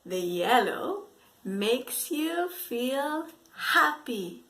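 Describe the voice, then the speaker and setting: A woman teaching to preschool children through a story, speaking in an exaggerated, expressive way with gasps and whispered asides. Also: sits high, extremely slow. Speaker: English teacher for young children.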